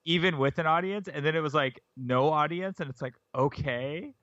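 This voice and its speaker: A man's voice: a little high, moderate pace, fairly bright tone. A man joining a podcast as a guest over a video call, easygoing, laughing often, talking in loose rambling sentences. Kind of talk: casual chat. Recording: dull lo-fi video call audio.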